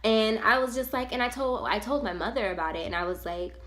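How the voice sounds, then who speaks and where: A woman's voice: fairly high pitch, a little fast. Slangy young woman telling a story. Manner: animated, slangy and conversational, with many fillers. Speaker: vlogger. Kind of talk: storytime vlog, casual retelling.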